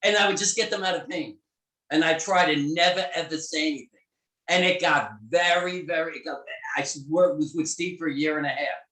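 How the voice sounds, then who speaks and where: A middle-aged man telling a story in an interview, animated and emphatic, swearing freely. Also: a little high, fairly quick, far from the mic. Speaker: guest therapist. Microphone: video call. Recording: echoey room on a video call.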